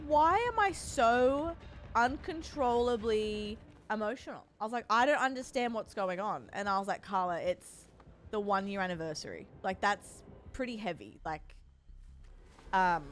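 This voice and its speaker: A woman's voice: medium pitch, expressive, normal speed, slight background noise. A young woman streaming from home, chatting casually and rambling as she greets her chat by name.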